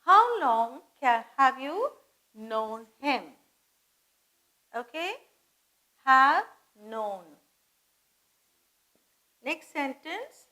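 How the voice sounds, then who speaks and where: A woman teaching English grammar, slow and patient, repeating phrases and spelling words out letter by letter. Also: sits high, big pitch swings, sharp tone, low-quality recording. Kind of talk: grammar lesson.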